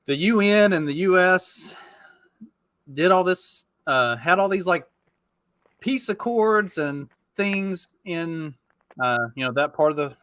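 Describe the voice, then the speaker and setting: A man with a slightly higher, bright and forceful voice, stumbling and restarting as he chats. He laughs through his words in a dry, close recording. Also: no echo. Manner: halting, repeats words, laughs while talking. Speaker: podcast co-host. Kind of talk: casual chat.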